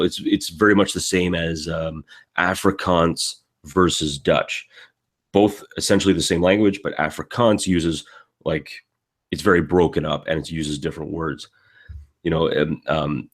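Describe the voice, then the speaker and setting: A man with a very low voice, from Canada, speaks as a panelist at a convention. He rambles, stacking fillers and starting his sentences over, in a loose, unscripted way. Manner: rambling, full of fillers and restarts.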